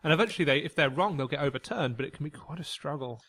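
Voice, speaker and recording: A man's voice: fairly high pitch, expressive, racing, a bit bright, no room sound. A man co-hosting a casual podcast chat, wry and fond of history tangents. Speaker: podcast co-host.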